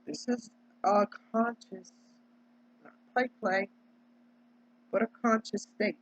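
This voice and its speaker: A woman's voice: mid-range voice, fairly even intonation, slow. A woman from Delaware giving an emphatic, preachy casual monologue, tagging her points with "right?". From Delaware, United States. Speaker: vlogger. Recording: dull lo-fi audio.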